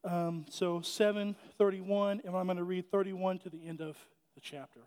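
A man with a high voice delivers a casual, joking sermon in a church and keeps restarting his sentences. A long reverb from the sanctuary trails after every phrase. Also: fairly even intonation, normal speed, darkish tone, clear, resonant tone. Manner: chatty and joking, with many restarts. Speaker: preacher. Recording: echoey church hall.

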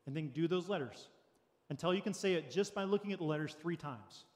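A man's voice: fairly high pitch, fairly quick, a little mellow, long reverb tail. A man preaching a sermon as pastor, earnest and practical, with light jokes for the congregation. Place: church sanctuary.

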